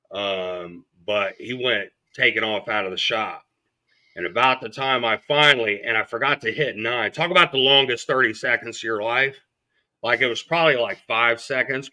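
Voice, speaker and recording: A man's voice: mid-range voice, bright, forceful tone. A man as a podcast guest, telling his story bluntly and with lots of swearing, acting out what people said. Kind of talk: storytelling in an interview.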